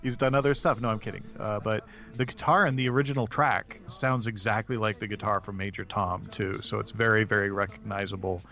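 A man's voice: lowish voice, fairly even intonation, fairly quick, hardly any pauses, sharp tone, faint music behind. A man co-hosting a podcast, chatting in an easygoing way and repeating himself about a song. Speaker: podcast co-host. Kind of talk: casual music review chat.

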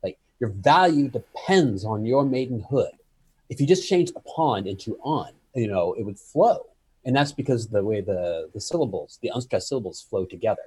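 Animated husky-voiced man arguing a point. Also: fairly low pitch, brisk, dry recording. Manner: argumentative, animated, explains stresses with sweeping emphasis. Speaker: podcast co-host. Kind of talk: casual debate.

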